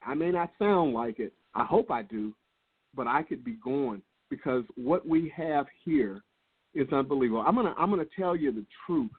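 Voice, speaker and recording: Earnest, laid-back male guest with a husky tone, heard over a thin phone line. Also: medium pitch, lively intonation, moderate pace. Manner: laid-back, earnest, circles back on his words. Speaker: guest speaker. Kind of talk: business call interview.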